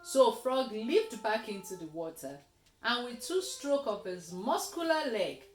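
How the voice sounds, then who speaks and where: Slow expressive woman reading a storybook. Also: on the high side, reverberant, slight background noise. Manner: slow, expressive read-aloud with lively voices. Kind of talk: reading a children's story aloud.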